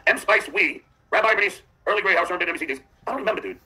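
A male podcast host with a high, piercingly bright voice. He reads viewer chats aloud and answers them in a mocking, combative tone. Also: racing, low-quality recording. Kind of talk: livestream chat reading.

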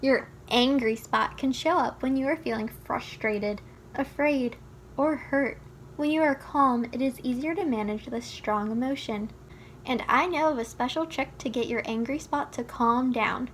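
A woman reading a children's storybook aloud in a gentle, teaching tone that speaks straight to the child listener. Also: high-pitched, a little slow, a little hiss or hum. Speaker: children's book reader.

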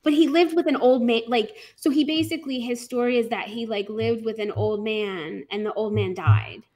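A woman's voice: fairly high pitch, moderate pace, a little mellow. A woman co-hosting a live stream, talking in a rambling, emotional way with laughs and sighs. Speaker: co-host. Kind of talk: casual chat on a live stream.

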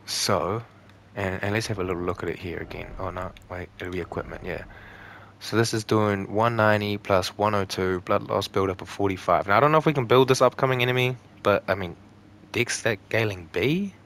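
Low-voiced, joking gaming commentator. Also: male voice, fairly quick, fairly bright tone. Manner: profane, joking, talks to enemies. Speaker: gaming channel host. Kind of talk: let's play commentary.

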